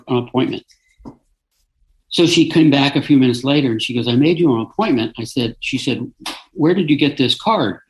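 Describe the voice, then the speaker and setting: A middle-aged man with a gravelly, rough-edged voice at an ordinary pitch, telling a personal story as an interview guest. He speaks earnestly and haltingly, often stopping to restart his sentences. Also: poor audio.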